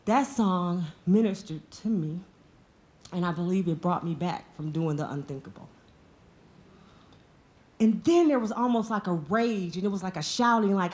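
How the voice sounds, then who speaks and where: A woman's voice: lowish voice, normal speed, long pauses, a little mellow. A woman in her forties telling a personal story on stage at a live storytelling event, earnest and emotional. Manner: earnest, emotional, speaks from the heart.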